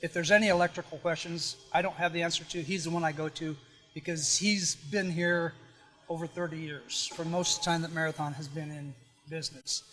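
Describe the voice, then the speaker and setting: A man's voice: fairly high pitch, steady tone, brisk, fairly bright tone. A man working as a service technician explains heating systems plainly in a coach bay, restarting mid-word at times.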